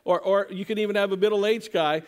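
A man's voice: high-pitched, fairly even intonation, brisk, clean tone. A man preaching a sermon in a conversational way, often repeating words and restarting sentences. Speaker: pastor.

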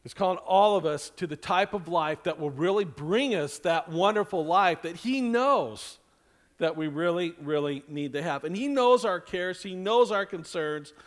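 A male pastor preaching a sermon in a conversational style, with lively asides and acted-out quotes. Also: sits high, normal speed.

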